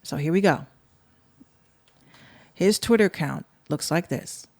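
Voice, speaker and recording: Bronx woman ranting on her podcast, cussing and sarcastic, lowish voice, dry close sound. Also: a little slow, a little mellow, no room sound. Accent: New York (Bronx). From the Bronx, New York. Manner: blunt, profane and sarcastic, talking straight to listeners. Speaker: podcast host. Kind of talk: casual podcast rant.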